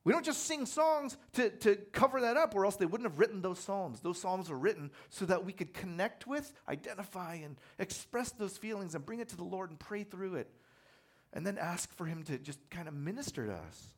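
A man preaching a sermon in a conversational, animated way, telling personal stories with self-deprecating humor. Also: high voice, fairly quick. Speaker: pastor.

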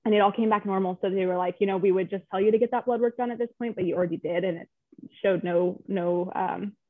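A woman's voice: mid-range voice, steady tone, fast, no room sound. Woman telling a personal story, phone-line sound. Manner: chatty, emotional, lots of fillers. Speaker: guest. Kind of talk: personal story in a casual interview.

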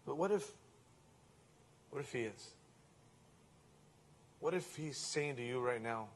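A male pastor, preaching a sermon that moves from hushed near-whispers to loud, emphatic passages. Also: mid-range voice, expressive, slow pace, pauses often, a little hiss or hum.

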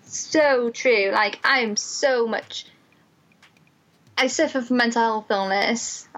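A young woman, a student mental health nurse, telling a personal story in an animated, emotional way, full of "like" fillers. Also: a little high, slow, rough recording.

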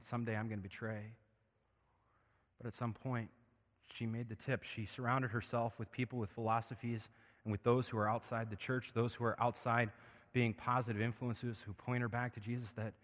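A man preaching a sermon as pastor, moving between hushed, intimate passages and loud, impassioned swells. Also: mid-range voice, big-room sound.

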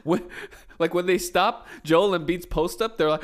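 A man's voice: high voice, moderate pace. A man co-hosting a podcast in casual chat, playful, who acts out quoted voices. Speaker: podcast co-host.

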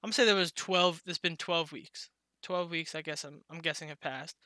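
A man's voice: fairly high pitch, fairly even intonation, fairly quick, sharp tone, no echo. A young man chatting casually on a podcast, laughing often and swearing freely as he rambles.

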